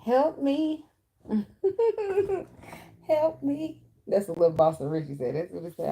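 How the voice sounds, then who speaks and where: A woman's voice: a bass voice, mellow. Blunt, chatty woman reading tarot. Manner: blunt, chatty, swears freely, talks to the cards. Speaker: tarot reader. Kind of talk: casual tarot reading monologue.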